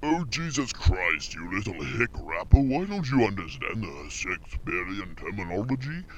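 A man's voice: low-pitched, a bit bright, slight background noise, exaggerated voice. A man playing a crude, mocking fake British troublemaker in a silly amateur comedy podcast, with a lo-fi sound. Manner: silly, crude, shifting voices.

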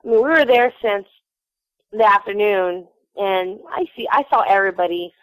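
A woman's voice: mid-range voice, moderate pace, fairly bright tone, dry recording, poor audio. A young woman from Houston telling a bubbly, giggly fan story, full of fillers. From Houston, Texas. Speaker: fan recounting a trip. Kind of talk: casual chat.

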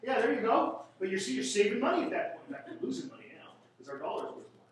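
A man's voice: very high-pitched, wildly swooping pitch, fast talker, slight background noise. A man from Canada giving a classroom statistics lecture, rambling and joking with sarcastic asides. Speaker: statistics teacher. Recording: echoey room from a distant mic.

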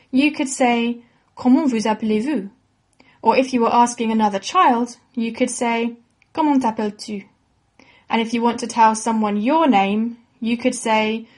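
A woman explains things to young listeners in a clear, encouraging teacher's manner. Her voice sits a little higher than most. She reads a script at an even, unhurried pace. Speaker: presenter of a children's educational podcast. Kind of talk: scripted educational narration for children.

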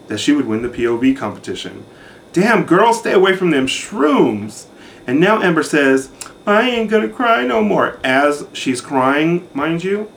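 A man's voice: medium pitch, slight background noise. A man giving a sassy, catty recap of a reality show in a campy, sarcastic manner.

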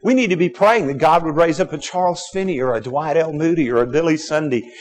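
A middle-aged man from Texas, preaching a sermon as pastor, swinging between loud urging and quiet, low asides. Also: fast. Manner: emphatic preaching with sudden loud and soft swings.

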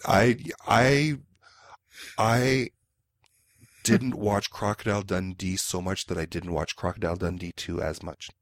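A hungover man co-hosting a casual movie-review chat, rambling with halting fillers. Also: deep voice, fairly even intonation, no room sound. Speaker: podcast co-host.

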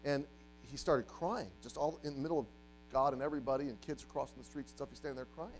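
A man preaching a sermon to a congregation, telling a story and moving from quiet, hushed passages to loud, emphatic ones. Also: medium pitch, fast talker, faint music behind, poor audio. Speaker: pastor. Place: church.

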